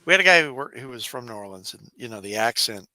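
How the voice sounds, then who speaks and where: Guest author, very bright and lively voice, playful joker, dry close mic. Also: male voice, medium pitch, fast talker, no echo, low-quality recording. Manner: playful, jokey, slips into silly voices. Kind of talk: casual chat.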